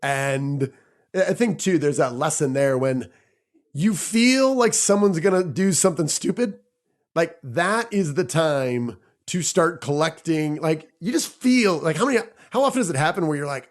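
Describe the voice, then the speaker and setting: A man in his forties hosting a podcast, chatting and reflecting in a relaxed, talkative way. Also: on the high side. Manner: chatty, reflective, quick asides. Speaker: podcast host. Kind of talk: casual conversation.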